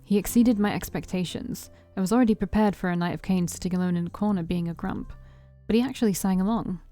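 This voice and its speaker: A woman's voice: mid-range voice, fast, warm tone, faint music behind. A woman reading a visual novel aloud as the main character, with wry asides.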